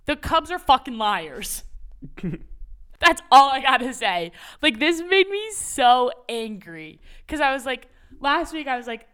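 Young female podcast co-host, excitable, high-ish and bright, chatty and profane. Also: smooth. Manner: animated, swears freely, voice jumps high when excited. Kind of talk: casual sports chat.

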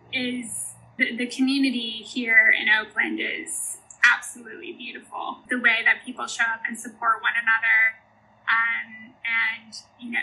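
A woman's voice: a little high, vocal fry, bright, forceful tone, a little hiss or hum, low-quality recording. A young American woman with a slight Australian tinge, talking earnestly as a consultant guest on a podcast, often saying "you know" and "um". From United States. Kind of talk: podcast interview.

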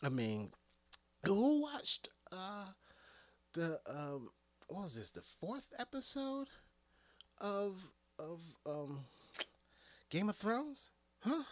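Comic male ranter, lively up-and-down pitch, laughs a lot, dry close sound. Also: extremely slow, pauses often, no room sound. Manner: animated, laughing often, swinging loud to quiet. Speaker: comedic commentator. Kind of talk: casual comedic rant.

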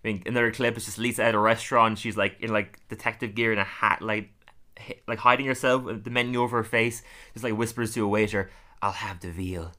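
A man's voice: fairly low pitch, level tone, fast, bright, forceful tone. A man hosting a podcast, casually recapping a cartoon episode, laughing often and acting out quotes. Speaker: podcast host.

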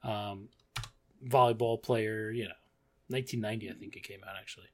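A man co-hosting a casual movie podcast, animated and laughing, swearing casually. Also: lowish voice, fairly quick, a little hiss or hum. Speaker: podcast co-host.

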